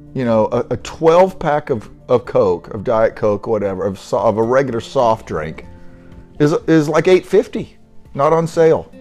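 Animated, wry middle-aged male podcaster. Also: mid-range voice. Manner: rambling, wry grumbling about everyday annoyances. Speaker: podcast host. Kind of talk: casual solo podcast monologue.

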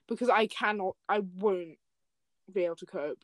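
A woman's voice: medium pitch, moderate pace, dry recording. A young woman hosting a casual chat, reading fan fiction aloud with melodramatic flair and joking between lines. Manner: reads melodramatically, breaks into laughter and jokes.

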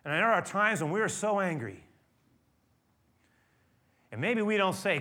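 Bright-voiced preacher man, expressive sermon. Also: medium pitch, moderate pace. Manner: expressive preaching, swinging from quiet storytelling to loud emphasis. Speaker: pastor.

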